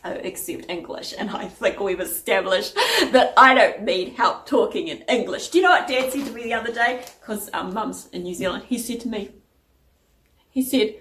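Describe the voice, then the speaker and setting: A woman's voice: medium pitch, a little fast, a bit bright, echoey room. A woman vlogging from home in a chatty, rambling way as she sorts DVDs. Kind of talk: casual chat. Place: at home sorting a DVD collection.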